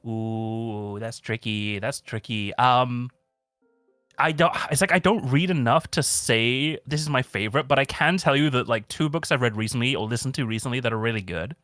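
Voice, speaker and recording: A man chatting casually as a stream guest, rambling with lots of fillers and telling stories in an animated way. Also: medium pitch, normal speed, no echo, clean studio sound, faint music behind. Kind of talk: casual chat.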